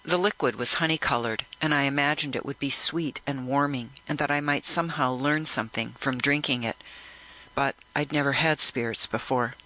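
A man narrating a first-person audiobook in a measured, reflective way. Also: mid-range voice, pushed and bright, rough recording.

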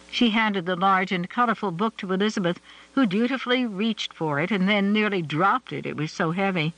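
Bright, high-voiced male narrator. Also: brisk, dry recording, poor audio. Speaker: audiobook narrator. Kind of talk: scripted narration.

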